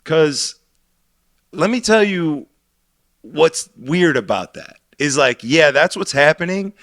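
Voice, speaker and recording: A man's voice: fairly high pitch, expressive, slow pace, fairly bright tone, dry recording, studio quality. A young man co-hosting a podcast, telling a rambling, profane story about DJing in casual chat. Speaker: podcast co-host and DJ.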